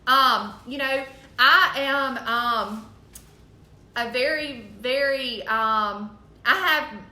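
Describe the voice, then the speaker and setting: Woman, chatty motivational talk, bright tone, echoey room. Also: sits high, very slow. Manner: chatty, earnest, many ums and likes. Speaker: direct sales team leader. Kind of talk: casual motivational talk to team.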